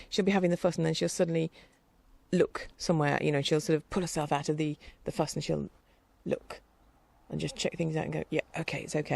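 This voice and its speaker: A middle-aged woman chatting casually in a rambling, warm-hearted way, with fillers and light laughter. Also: sits low, vocal fry, dry recording. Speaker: vlogger. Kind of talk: casual chat.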